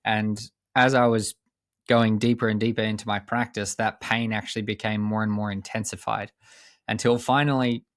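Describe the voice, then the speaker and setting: A young man, a coach and podcast guest, telling a personal story in a measured, earnest way with pauses and restarts. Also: on the low side, little pitch movement, no room sound, studio quality.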